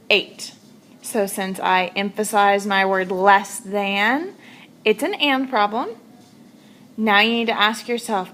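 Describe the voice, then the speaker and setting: A woman's voice: medium pitch, fairly bright tone. A woman teaching a recorded math lesson, stressing key words as she works through examples.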